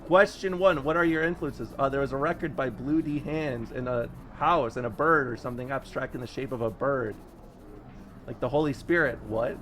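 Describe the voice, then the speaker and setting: A man chatting casually while streaming a video game, rambling and joking with sudden excited yelps. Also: on the high side, moderate pace, soft background music. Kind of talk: casual gameplay commentary.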